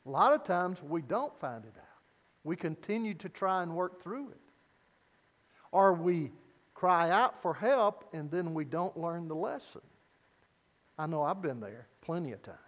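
A man preaching a sermon as pastor, earnest and deliberate, posing rhetorical questions to his congregation. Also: on the high side, animated, big-room sound.

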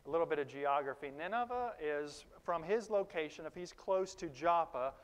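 A man preaching a sermon in a conversational, animated way, with sudden loud emphases and quiet asides to the congregation. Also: fairly high pitch, moderate pace. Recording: long reverb of a large hall.

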